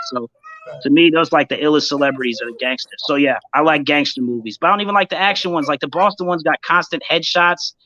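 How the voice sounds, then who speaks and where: A man's voice: a little high, pushed and bright. A man in his thirties, a guest rapper, chatting casually and rambling with lots of fillers. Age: 30s. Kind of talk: casual chat. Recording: muffled lo-fi audio.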